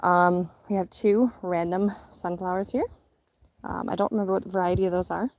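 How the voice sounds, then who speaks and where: A woman's voice: fairly low pitch, steady tone, normal speed, a little mellow. A woman giving a casual live-stream tour of her garden outdoors, chatty and upbeat, a little out of breath in the heat. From Minnesota. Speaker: gardening vlogger.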